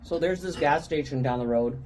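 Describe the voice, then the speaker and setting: A woman's voice: sits low, moderate pace, darkish tone, soft background music. A woman co-hosting a podcast, telling a personal story in casual chat and rambling with restarts and asides. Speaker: podcast co-host.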